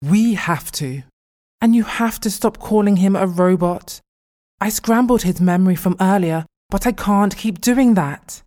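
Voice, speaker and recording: An actress playing a weary, firm mother who tries to calm her husband. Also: mid-range voice, unhurried, lightly acted. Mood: strained. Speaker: wife and mother.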